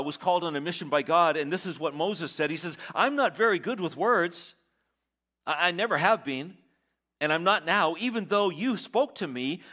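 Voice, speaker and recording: A man's voice: high voice, bright, forceful tone. A man preaching a sermon as pastor, dramatically acting out quoted lines of self-doubt.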